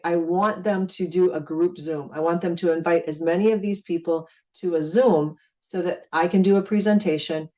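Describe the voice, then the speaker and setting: Far from the microphone, a middle-aged woman from Minnesota with a lowish, darkish voice gives a relaxed training talk about network marketing. She keeps it chatty, acting out conversations and leaning on friendly repeated phrases.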